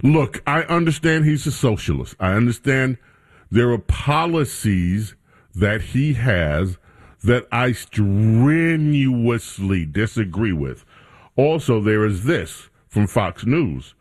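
Animated man hosting talk radio. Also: medium pitch, slow. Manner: animated, bantering with studio crew. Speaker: radio talk show host. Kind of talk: casual talk radio commentary.

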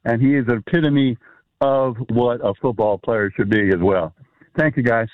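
A man's voice: mid-range voice, moderate pace, no room sound. A man on a phone line telling a casual, rambling story with many fillers. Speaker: caller or guest telling a story.

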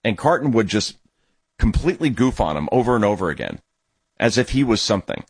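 On his sports talk show, a man who is a youth baseball coach and dad spins animated stories and opinions laced with sarcasm and indignation. His fairly low, slightly rough voice moves fairly quickly, recorded without room sound.

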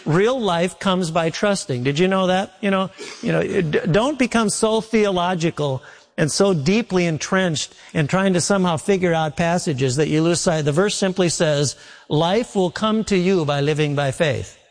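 Folksy preacher in an echoing hall. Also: male voice, high-pitched, normal speed. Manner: folksy storytelling preacher, acts out quotes. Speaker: pastor. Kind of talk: sermon.

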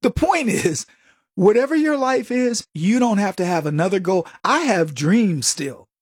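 An older male host with a high, husky voice, recorded dry and close. He gives casual, mocking commentary and laughs a lot between points. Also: a little slow, no room sound. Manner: animated, laughs often, mocking. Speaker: talk show host.

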